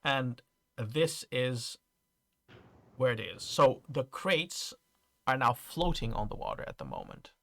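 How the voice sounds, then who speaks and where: A man narrating a tabletop game as game master, speaking in a halting way with many fillers and restarts. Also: medium pitch, expressive, gravelly, bright, forceful tone, dry recording.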